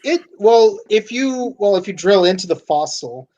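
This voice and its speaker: A man's voice: high-pitched, expressive, normal speed, darkish tone. A man on a podcast chiming in with fan trivia and nerdy asides in a casual tone. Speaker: podcast co-host. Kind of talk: casual chat.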